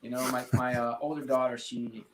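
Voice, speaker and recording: A middle-aged man speaking candidly as an interview guest, earnest and halting, often restarting his sentences. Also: medium pitch, little pitch movement, roomy sound, slight background noise. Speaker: sports team executive, guest.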